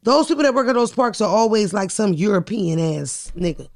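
Gravelly, blunt woman. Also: mid-range voice, animated, a little fast, a little mellow. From Philadelphia. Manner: profane, blunt storyteller. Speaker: podcast co-host. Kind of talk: casual podcast chat.

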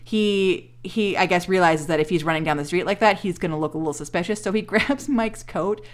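A woman's voice: fairly low pitch, a little fast. A woman co-hosting a podcast, recapping a TV episode in casual, sarcastic chat, swearing and acting out the characters' lines. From Canada. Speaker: podcast co-host.

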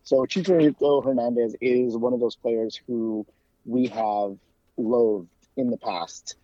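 Male podcast guest from the US, chatty and self-correcting, warm low tone, muffled lo-fi audio. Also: steady tone, no room sound. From United States. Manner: chatty, talks in quick bursts with frequent restarts and fillers. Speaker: guest, soccer club fan and podcast co-host. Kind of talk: casual interview.

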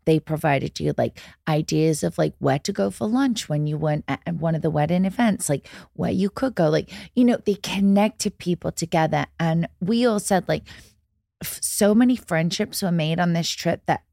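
A woman co-hosting a podcast, telling stories in an animated, chatty way. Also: on the low side, normal speed, vocal fry, no echo, clean studio sound. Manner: chatty storyteller, animated asides. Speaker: podcast co-host. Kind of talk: casual chat.

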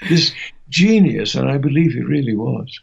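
A man's voice: medium pitch, animated, normal speed, gravelly, a little hiss or hum. An older man, a veteran voice actor, telling stories in an interview with occasional chuckles. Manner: warm anecdotal storytelling with chuckles. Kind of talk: reminiscing interview. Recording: muffled lo-fi audio.

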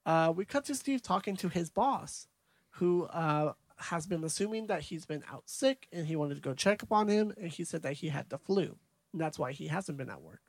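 A man's voice: a little high, expressive, normal speed, no echo. A man co-hosting a podcast, casually recapping a movie's scenes from his notes. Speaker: podcast co-host.

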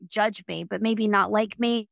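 A woman's voice: mid-range voice, steady tone, unhurried, gravelly, dry recording, clean studio sound. A woman who works as a psychic medium, talking in a casual chat, earnest and full of restarts. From New Jersey. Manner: earnest, talks in rambling restarts. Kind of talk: casual conversation.

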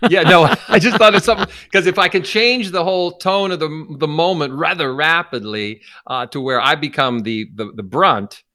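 A man's voice: fairly high pitch, moderate pace, few pauses, bright, forceful tone, no room sound, clean studio sound. A man co-hosting an advice podcast, chatting casually, often restarting his sentences and chuckling. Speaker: podcast co-host.

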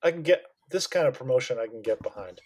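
A man's voice: medium pitch, expressive, quick pace, a little mellow. A man in a casual podcast chat who often stumbles and repeats words as he starts his sentences.

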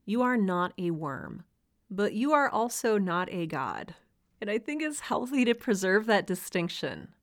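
A woman's voice: mid-range voice, big pitch swings, a little slow. A woman hosting a solo podcast for writers, talking in an earnest, encouraging way with a light laugh now and then. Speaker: podcast host.

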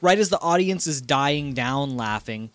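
A man co-hosting a casual podcast, chatty and quick to laugh while telling a story. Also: mid-range voice, animated, fairly bright tone, no echo. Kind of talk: casual chat.

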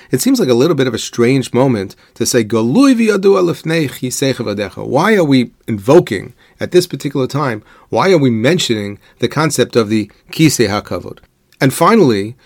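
A man's voice: mid-range voice, a little mellow, dry recording. Man, Torah teacher, rhetorical questions, dry recording. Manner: measured explanatory delivery, posing rhetorical questions; weaves Hebrew quotations into English. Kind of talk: religious lecture.

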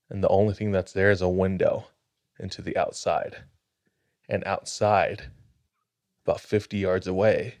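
A man hosting a podcast, telling a spooky story in a measured, dramatic way. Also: sits low, creaky, darkish tone, dry recording. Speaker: podcast host.

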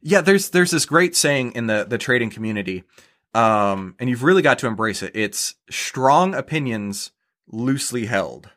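A man's voice: mid-range voice, animated, moderate pace, fairly bright tone. Chatty man explaining his trading. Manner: explanatory, repeats words, says "right?" often. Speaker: guest, stock trader. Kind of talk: casual podcast interview.

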